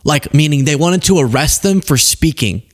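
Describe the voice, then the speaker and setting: A man's voice: on the high side, expressive. Sarcastic male political commentator. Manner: sarcastic, emphatic, quick asides.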